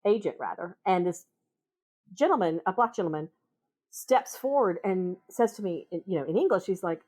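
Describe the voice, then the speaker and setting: A woman with a Minnesota accent, a podcast guest telling travel stories in a casual, animated way. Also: lowish voice, moderate pace, breathy edge. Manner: animated, acts out voices in her anecdotes. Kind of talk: casual storytelling conversation.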